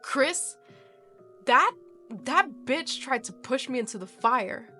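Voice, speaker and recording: A raging young man in a horror storybook, loud and raw as he sneers and curses, as a woman reader puts him on. He sits a little higher than her own voice and pushes hard. Faint music plays underneath. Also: animated, takes it slowly, full character voice. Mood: angry, accusing. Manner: shouting, sneering, cursing. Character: angry young man hurt and accusing.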